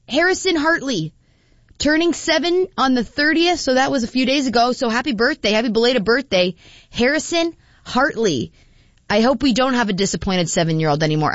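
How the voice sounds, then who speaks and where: A woman's voice: mid-range voice, no echo, dull audio. A woman hosting a morning radio show, chatting casually and laughing as she reads listener texts. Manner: chatty, laughing, with frequent fillers.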